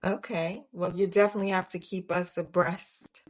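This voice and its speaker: A woman's voice: lowish voice, little pitch movement, moderate pace. A woman hosting a casual interview, asking questions in a searching, curious way. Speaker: podcast host.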